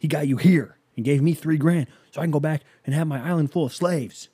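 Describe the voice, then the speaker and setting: A man's voice: fairly high pitch, a little fast, dark tone, husky, pitched above the performer's own voice. A man mockingly voicing a smug motivational speaker, slightly raised and salesy.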